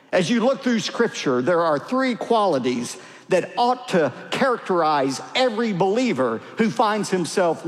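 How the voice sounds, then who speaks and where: A middle-aged male pastor preaching a sermon in a large church, emphatic and building to loud cries. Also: a little high. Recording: long hall reverb.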